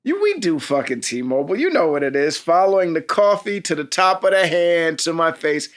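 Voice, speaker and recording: A man co-hosting a podcast in casual chat, playful and quick to laugh, often quoting himself. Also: a little high, sing-song. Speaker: podcast co-host.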